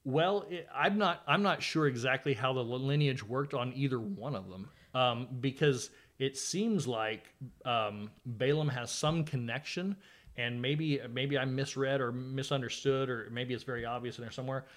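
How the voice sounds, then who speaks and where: A man's voice: mid-range voice, normal speed, a bit bright. A man hosting a podcast, chatting casually about scripture with a guest, conversational and sometimes sarcastic. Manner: conversational, with fillers and dry sarcasm. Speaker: podcast host. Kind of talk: casual Bible study chat.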